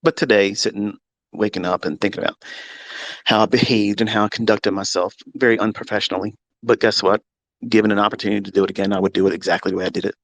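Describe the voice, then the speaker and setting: A middle-aged man, a trading mentor, speaking in a profane, combative rant from his home basement, moving between low musing and shouting. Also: steady tone, fast. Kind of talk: unscripted rant to listeners.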